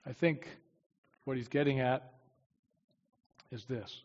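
A man preaching a sermon with emphasis, swinging from loud declarations to quiet asides. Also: medium pitch, fairly even intonation, slow pace. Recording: dull, long-reverb hall sound.

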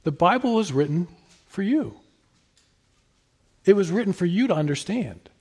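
A man preaching a sermon in an earnest, emphatic way, rising to stress his points and then dropping soft. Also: sits high, very animated, moderate pace, husky. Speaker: pastor.

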